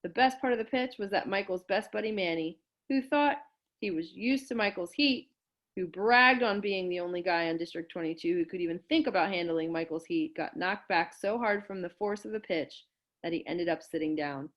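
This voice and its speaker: A woman teacher reading a novel aloud to her class, raising her voice for the dialogue and stopping to explain terms. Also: moderate pace. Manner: reads dialogue with lively lifts in pitch and volume, stopping to explain words.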